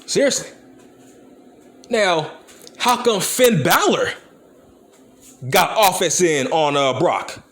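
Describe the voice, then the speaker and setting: A man's voice: high-pitched, very animated, slow, long pauses, fairly bright tone. A young man from Compton, hosting his channel and ranting bluntly and profanely about wrestling. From Compton, California. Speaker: channel host. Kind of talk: ranting commentary video.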